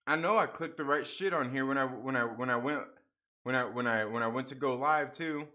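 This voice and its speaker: A young man talks loosely to his livestream audience with a bright, forward voice. He curses and mutters through a technical mix-up, then reads out viewer comments in easy, unscripted chat. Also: medium pitch, fairly quick. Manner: frustrated, swearing, laughing off a stream mix-up. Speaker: livestream host.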